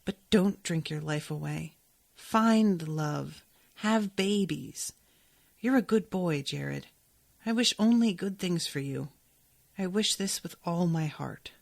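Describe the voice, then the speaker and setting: A woman reading aloud the lines of a gentle, dying older woman who apologizes and gives loving advice. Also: fairly low pitch, takes it slowly, vocal fry, no echo, clean studio sound, heavily acted. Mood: pleading. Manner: soft, reading aloud from a novel.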